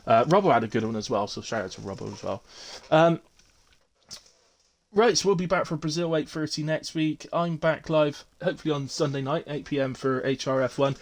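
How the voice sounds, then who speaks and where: A man with a fairly high voice talks fairly quickly, hosting a casual post-race chat on his live stream for a sim racing league. He's chatty and teasing and uses lots of fillers.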